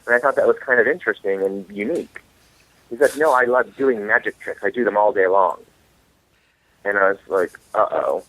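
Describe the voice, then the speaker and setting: A man, an author and guest, telling comic dating stories in an animated way. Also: fairly low pitch, a little fast, dry recording. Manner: animated, comic storyteller acting out quotes. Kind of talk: storytelling interview. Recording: tinny phone line.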